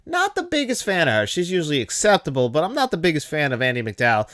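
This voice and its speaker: A man's voice: fairly high pitch, wildly swooping pitch, quick pace, fairly bright tone. A man in his thirties hosting a casual movie talk show, enthusiastic and laughing now and then. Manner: enthusiastic, laughs at quoted lines. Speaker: host.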